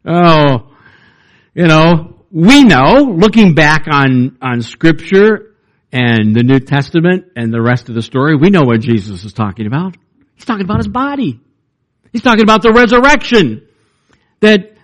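Preaching in a conversational style, this man uses fillers and restarts often. His voice is expressive and moves at a normal speed, rising in pitch when he reads aloud or retells a story.

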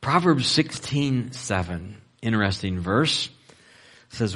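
A man preaching a sermon, reading verses aloud and then stopping to explain them in a relaxed, conversational way with fillers. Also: mid-range voice, takes it slowly. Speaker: pastor.

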